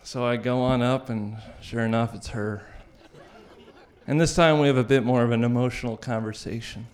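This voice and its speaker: A young man telling a personal story to an audience, wry and animated, often laughing as he goes. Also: mid-range voice, normal speed.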